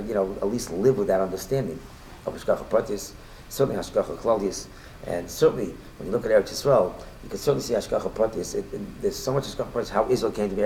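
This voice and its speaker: The recording is poor, with faint background noise, as a low-voiced, gravelly man gives a conversational Torah class full of storytelling. He speaks rapidly in bursts, often tripping over words and starting again, and his volume jumps when he quotes someone.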